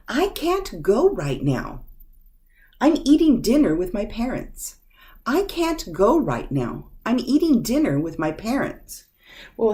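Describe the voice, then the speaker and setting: Slow, mellow-voiced woman teaching grammar. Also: lowish voice. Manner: patient, deliberate, repeats example sentences. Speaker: English teacher. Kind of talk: slow, clear grammar lesson.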